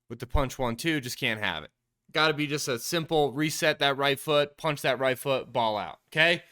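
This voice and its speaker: A man's voice: on the high side, bright, forceful tone, clear, resonant tone. A man hosting a quarterback show, casually breaking down football film in a coach-like way, explaining each play step by step and calling his viewers the team. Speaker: quarterback trainer and show host.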